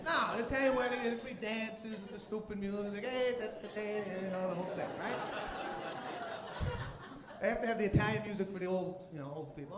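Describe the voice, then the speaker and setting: A man doing a stand-up comedy set, animated, shouting his punchlines and working the crowd. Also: sits high, quick pace. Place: live comedy stage before an audience. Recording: echoey venue with loud crowd noise.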